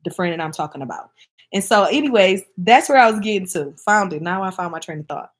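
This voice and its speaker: A woman's voice: lowish voice, expressive, fast. A woman from Michigan chatting casually to camera as a vlogger, speaking in an emphatic, heartfelt way and addressing her viewers directly.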